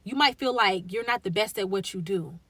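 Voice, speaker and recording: A woman's voice: mid-range voice, normal speed, a bit bright, slight background noise. A young woman speaking earnestly and emotionally as a faith content creator, encouraging viewers in a casual, heartfelt vlog. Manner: earnest, encouraging, conversational with slang.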